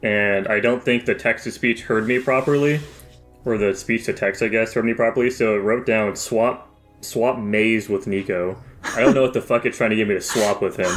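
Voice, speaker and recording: A man's voice: fairly low pitch, fairly even intonation, normal speed, a bit bright, soft background music. A young man co-hosting a podcast in casual chat, blunt and dismissive in tone. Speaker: podcast co-host. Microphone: podcast microphone.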